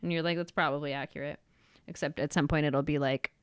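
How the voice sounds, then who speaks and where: A woman's voice: sits low, fairly even intonation, fast, clear, resonant tone, dry recording, clean studio sound. A woman co-hosting a podcast, recapping a TV episode in casual chat and acting out characters' lines. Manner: chatty, acts out characters' lines in quotes. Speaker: podcast co-host.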